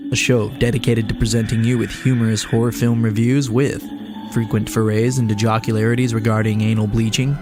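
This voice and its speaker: A man hosting a podcast, reading a wordy, mock-grand scripted introduction. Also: medium pitch. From Washington state, US. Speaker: guest host.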